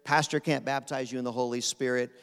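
A man from Pennsylvania, preaching a sermon as guest speaker in a quick, animated, rapid-fire way. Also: mid-range voice, clear, resonant tone. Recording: long reverb of a large hall.

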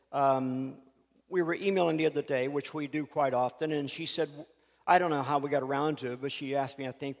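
High-voiced man preaching in a reverberant hall. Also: vocal fry. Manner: folksy, animated storyteller. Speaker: pastor. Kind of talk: sermon with storytelling.

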